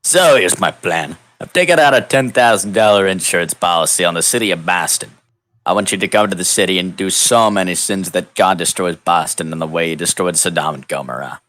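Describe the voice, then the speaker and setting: A man's voice: deep voice, brisk, fairly bright tone. A man playing a scheming, pompous mayor. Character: scheming male city mayor, pompous and cheery. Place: online voice call.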